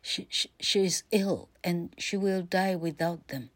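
A woman's voice: on the low side, a little slow, no echo. A woman doing a stammering, frightened husband. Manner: stammering, pleading.

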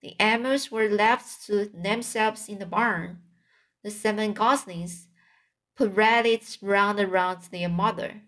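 A woman's voice: mid-range voice, slow, fairly bright tone. A woman narrating a children's storybook aloud, reading carefully with occasional slips and restarts. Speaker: audiobook reader.

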